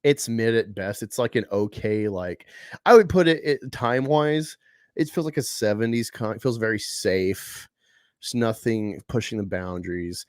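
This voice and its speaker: A man's voice: lowish voice, normal speed, no room sound, studio quality. A man hosting a casual live stream about comic books. He rambles, swears freely and talks with sarcasm. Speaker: host. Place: home room at a table.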